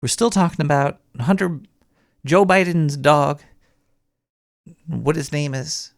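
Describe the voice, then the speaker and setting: A jittery, paranoid sewer rat hosting his own late-night call-in show, as a man puts on the voice. His mid-pitched voice is gravelly with a creaky edge, and he rambles and restarts his sentences. The sound is dry and close, with no room around it. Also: slow, no room sound. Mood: rambling. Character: paranoid male cartoon sewer rat host. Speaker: radio show host.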